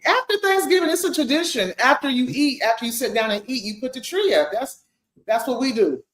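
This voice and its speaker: Woman, podcast host, lively pitch, slightly high, quick to laugh. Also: roomy sound. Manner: laughs easily, animated. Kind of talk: casual chat.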